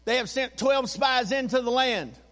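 A man preaching a sermon in a church, animated and calling on the congregation to repeat phrases back to him. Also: very high voice, moderate pace, big-room sound. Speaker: pastor. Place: church sanctuary.

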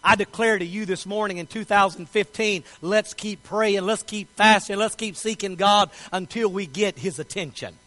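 A male pastor preaching a sermon with passion, moving from quiet asides to shouted declarations. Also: sits high, normal speed, hardly any pauses, rough recording. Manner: impassioned, swinging from soft asides to shouted declarations.

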